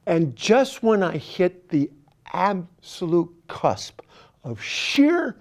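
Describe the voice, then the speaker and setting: A middle-aged man telling a long stand-up story in a deadpan voice. His pitch moves a lot from line to line, and he takes his time, sometimes dropping to a whisper. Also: extremely slow. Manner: deadpan, animated, drops to whispers. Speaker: stand-up comedian.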